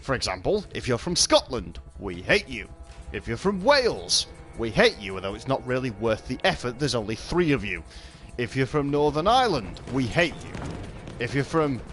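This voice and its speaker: A man's voice: mid-range voice, very animated, normal speed, a bit bright, soft background music. A British man ranting sarcastically and swearing while giving casual gaming commentary, a little tipsy. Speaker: gaming channel host.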